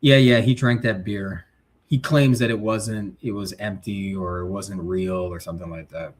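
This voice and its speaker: A man's voice: on the low side, moderate pace. A male livestream host chatting casually, reading viewer comments and giving blunt, slangy takes. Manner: blunt, animated, street slang.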